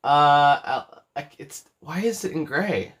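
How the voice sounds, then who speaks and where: A man's voice: a little high, animated, slow, a bit bright, a little hiss or hum. An eighteen-year-old man hosting a live craft stream from his bedroom, rambling, correcting himself and reading chat messages aloud. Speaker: crochet livestream host.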